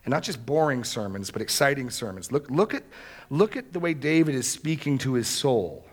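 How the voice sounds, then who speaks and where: A man's voice: medium pitch, lively intonation, normal speed. Man preaching an earnest sermon. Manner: earnest preaching that swells to loud, emphatic exclamations. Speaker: pastor.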